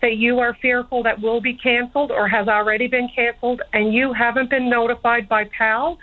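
A woman mayor calls into a radio show to pass on a notice to the public. She speaks in a clear, businesslike way in a fairly high voice. The sound is thin and squeezed, like a phone line. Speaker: town mayor, radio guest. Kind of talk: public announcement on a call-in show.

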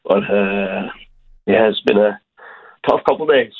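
A man, a hockey coach, speaking haltingly with many fillers and repeated words in a phone interview. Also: fairly low pitch, gravelly, slightly rough. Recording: tinny phone line.

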